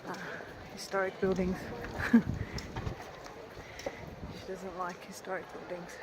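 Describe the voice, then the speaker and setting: Slow-talking woman on noisy streets. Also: on the low side, monotone. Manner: rambling, chatty asides. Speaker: vlogger. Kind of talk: casual walking tour vlog. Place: outdoors on busy town streets. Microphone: handheld camera while walking. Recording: loud street and traffic noise. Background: traffic and town bustle.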